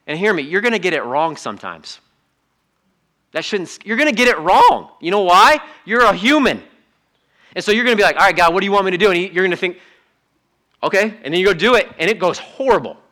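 A middle-aged man preaching a sermon in a church, conversational and animated, acting out little asides in other voices. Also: high voice, a little fast, long pauses. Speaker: pastor. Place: church sanctuary.

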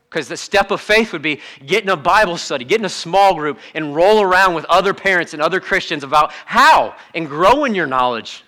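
A bright, forceful man's voice preaching a sermon in a church. He is middle-aged and pitched a little high, and he talks to the room in a conversational, animated way, slipping into quick acted-out asides. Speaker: pastor. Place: church sanctuary.

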